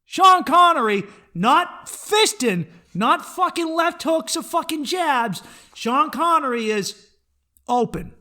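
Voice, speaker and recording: Hosting a comedy podcast solo, a man rants with profane, blunt opinions and heavy swearing. His voice is extremely high, pushed and bright, expressive yet slow.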